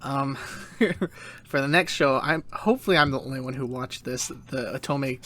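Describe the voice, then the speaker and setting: A man's voice: mid-range voice, normal speed. A man hosting a casual podcast, retelling an anime episode with goofy put-on voices. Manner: animated retelling with silly voices. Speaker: podcast host.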